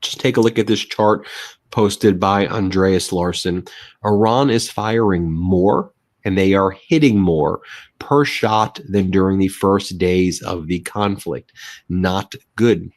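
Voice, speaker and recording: Male commentator, low voice, dry close sound, emphatic and scornful. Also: slow pace, dry recording. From United States. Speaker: political commentator. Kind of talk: political commentary video.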